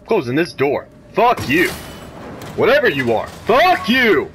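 A man's voice: on the high side, wildly swooping pitch, unhurried, fairly bright tone, faint music behind. A man giving let's-play commentary on a horror game, jumpy and nervous, swearing a lot and talking to himself in nervous rambles. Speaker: video game player.

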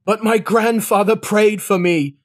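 A man's voice: high-pitched, steady tone, measured pace, pitched above the performer's own voice. A man voicing a desperate man who begs to be let in at heaven's gate. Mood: pleading. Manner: pleading, insistent.

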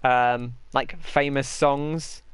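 Smooth-voiced man, dry close sound. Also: mid-range voice, steady tone, drawn-out words, dry recording. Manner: chatty, rambling, answers chat. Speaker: gaming host. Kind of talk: live gameplay commentary.

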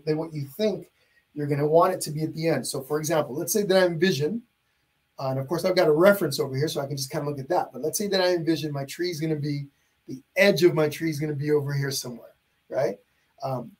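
Guy teaching painting live, chatty, kinda husky voice, bit high. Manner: chatty, greets viewers by name. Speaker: painting instructor. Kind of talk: live-streamed painting lesson.

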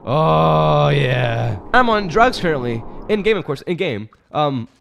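Young man yelling over a hard game. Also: a little high, very animated, slow, vocal fry, a crowd in the background. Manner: swings from mumbling to shouting and swearing. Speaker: gaming streamer. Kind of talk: reactive gameplay commentary.

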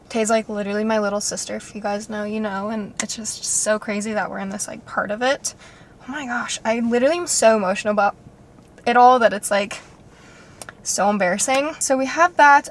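A young woman talking casually to her vlog audience, chatty and excitable, rambling from one plan to the next. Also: fairly high pitch, vocal fry, a little hiss or hum. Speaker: vlogger.

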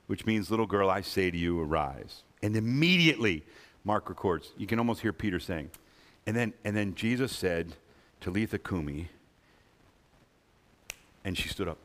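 A man preaching a sermon as a guest speaker, emphatic and repetitive, acting out the gospel characters' words as he goes. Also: mid-range voice. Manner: emphatic, repeats key phrases, voices the gospel characters. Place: church sanctuary. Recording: long hall reverb.

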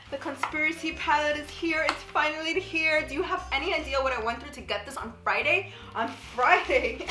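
Breathless high-voiced woman, sick, unhurried excitable vlog chatter, echoey room with music behind. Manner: excitable, chatty, coughing and sighing. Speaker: beauty vlogger. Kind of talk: casual vlog chat.

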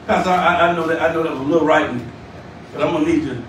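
A man preaching a sermon as bishop, shouting and calling out to the congregation, recorded from a distance in a church. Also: fairly high pitch, fast talker, a little hiss or hum. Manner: shouting, call-and-response preaching. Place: church sanctuary. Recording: echoey church room, distant mic.

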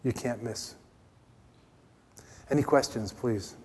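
An American man giving a playful, teasing meditation talk at a retreat, his voice dropping to soft, quiet tones. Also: medium pitch, slow pace, slight background noise. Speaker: meditation teacher. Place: retreat meeting hall. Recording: long hall reverb.

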